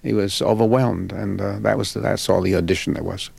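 An older man, a film director, answering interview questions in an unhurried, halting, reflective way. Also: low-pitched, fairly even intonation, creaky, darkish tone, slightly rough, no echo. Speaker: film and stage director, guest.

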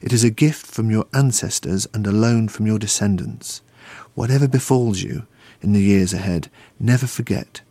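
A man's voice: on the low side, normal speed, mellow, no echo. A man reading aloud and voicing a stern, pious older uncle who solemnly exhorts his nephew. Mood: solemn exhortation.

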